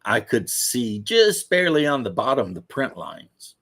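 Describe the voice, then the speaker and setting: A man's voice: medium pitch, big pitch swings, unhurried, a crowd in the background. A man chatting casually about tabletop games over a video call, rambling with lots of fillers and restarts. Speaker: co-host.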